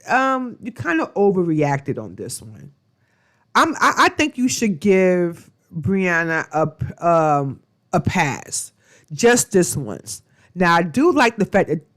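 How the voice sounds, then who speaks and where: Chatty woman recapping a reality show. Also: lowish voice. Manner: chatty storytelling, full of fillers and slang. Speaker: reality TV reviewer. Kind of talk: casual episode recap.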